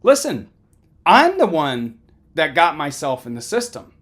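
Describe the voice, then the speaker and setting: A man putting on a gruff New York old-timer. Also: fairly high pitch, huge pitch swings, a little slow, fairly bright tone, exaggerated voice. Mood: blunt. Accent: attempted New York. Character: blunt older New York man, plain-spoken mentor.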